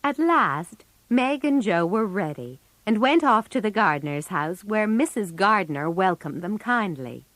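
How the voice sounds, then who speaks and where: A woman narrating a story for English learners, slowly and with clear enunciation. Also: mid-range voice, lively intonation, a bit bright, no echo.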